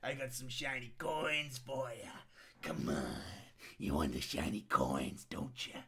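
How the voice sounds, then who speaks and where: Brief: narrator putting on a sly, low, whispering lure-them-in schemer, far from the mic. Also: very animated, unhurried, creaky. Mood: sly coaxing. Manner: creepy coaxing whisper. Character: greedy scheming male gamer luring with gold.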